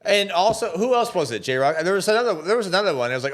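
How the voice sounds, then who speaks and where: A man's voice: high-pitched, fast. A young man co-hosting a sports podcast in casual chat, swearing freely and laughing often. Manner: profane, excitable, laughs often. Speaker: podcast co-host.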